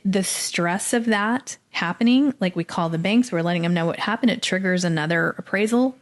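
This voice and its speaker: A middle-aged woman from Dallas, Texas, telling her story as a podcast guest, animated and acting out the people she quotes. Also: lowish voice. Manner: animated, acts out quoted voices. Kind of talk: casual storytelling interview.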